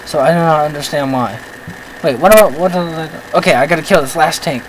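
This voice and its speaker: A man hosting a let's-play, giving excitable commentary, often yelping at the game, with self-mocking rambling asides. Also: fairly high pitch, fast, slight background noise, poor audio. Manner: excitable, yelps and shouts at the game. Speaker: gaming channel host.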